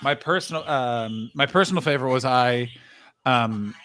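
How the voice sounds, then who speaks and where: A man co-hosting a casual chat, telling animated, profane anecdotes full of quoted back-and-forth. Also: medium pitch, normal speed, slight background noise. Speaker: podcast co-host, comedian.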